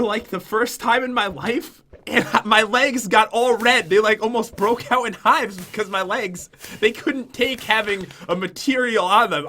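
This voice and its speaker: A man's voice: sits high, pushed and bright. A young man from Connecticut chatting to his viewers in a self-mocking YouTube vlog. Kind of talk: casual vlog confession.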